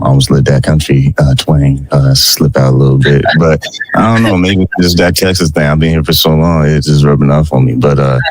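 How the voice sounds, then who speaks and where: A man's voice: extremely low pitch, no echo. A man hosting a radio and online interview show, plugging his guest and chatting in an easygoing way with asides.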